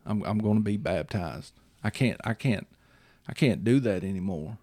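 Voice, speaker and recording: A man's voice: lowish voice, normal speed, dark tone, no room sound. A man hosting a casual chat, rambling and repeating himself while he checks that the listener follows. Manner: rambling, repeats himself, checks in with "you see what I'm saying".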